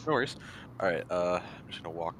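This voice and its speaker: A man's voice: low-pitched, expressive, quick pace, background noise. A man playing a tabletop game, speaking in character in a polite, proper manner. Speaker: player. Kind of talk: casual play at a tabletop game.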